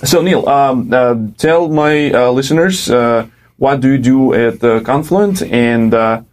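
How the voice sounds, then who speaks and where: A man with a Russian accent hosts a podcast interview at a middle pitch. He fills his sentences with "uh" pauses and sometimes drops his articles. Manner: frequent "uh" pauses, dropped articles. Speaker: podcast host.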